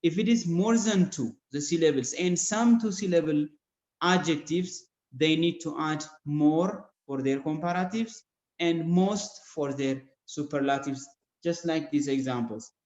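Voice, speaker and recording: A male English teacher with an Ethiopian accent giving an online grammar lesson, explaining rules slowly and spelling out letters one by one. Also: fairly high pitch, darkish tone. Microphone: video call. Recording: dull echoey video-call audio.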